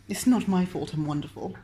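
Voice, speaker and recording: A woman's voice: fairly low pitch, a bit bright, slight background noise. A woman hosting as a parent, chatting playfully while crafting with her child and giving teasing, mock-grand commentary. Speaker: parent and host.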